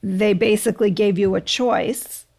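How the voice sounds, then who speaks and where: A woman hosting a podcast interview, asking questions and thinking aloud in an animated way. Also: mid-range voice, measured pace, gravelly. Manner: animated, thinking aloud with restarts and frequent affirmations. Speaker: podcast host.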